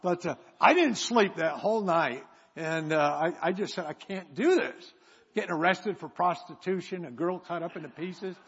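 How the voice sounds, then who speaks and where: A man's voice: a little high, normal speed, few pauses, a bit bright, slightly rough. A man preaching, telling a rambling story with self-mocking humor. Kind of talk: sermon storytelling. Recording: echoey hall, dull sound.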